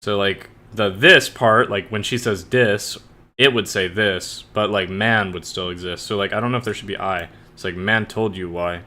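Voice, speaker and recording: A man's voice: fairly low pitch, brisk, hardly any pauses, sharp tone. A man casually thinking aloud as he edits his own story, rambling and hesitant, with many restarts. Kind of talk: casual thinking aloud while editing and reading drafts.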